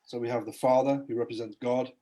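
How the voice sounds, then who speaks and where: Man preaching his story on a podcast, dark mellow voice, earnest. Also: mid-range voice, steady tone, fast talker. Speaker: guest. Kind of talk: conversational testimony, preaching.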